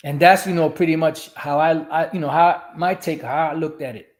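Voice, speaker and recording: A man's voice: a little high, fairly quick. A man ranting religious commentary on a stream, profane, rambling and emphatic.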